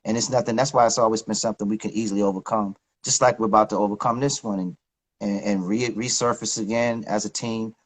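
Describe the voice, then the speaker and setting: A man's voice: fairly low pitch, steady tone, fast talker, rough recording. A middle-aged man talking as a guest in a casual interview, candid and reflective, with slangy speech. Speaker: guest, recording artist.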